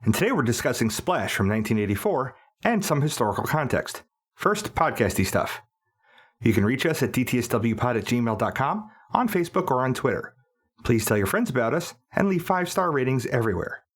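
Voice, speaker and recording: A man's voice: mid-range voice, a little fast, husky. A man in his early forties co-hosting a comedy movie podcast, spinning absurd gross-out bits. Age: early 40s. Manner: spins absurd gross-out bits, pushy and animated. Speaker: podcast co-host.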